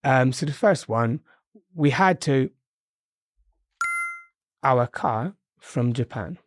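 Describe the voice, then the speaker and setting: A man's voice: medium pitch, expressive, takes it slowly. Patient British male English teacher. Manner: encouraging, explains patiently with frequent fillers. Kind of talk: podcast lesson dialogue.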